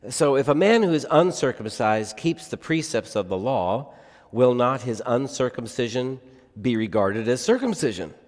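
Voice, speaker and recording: A man's voice: mid-range voice, lively intonation, moderate pace. Emphatic male preacher in a reverberant hall. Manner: emphatic preaching with wide swings between loud and hushed. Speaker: pastor. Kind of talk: sermon.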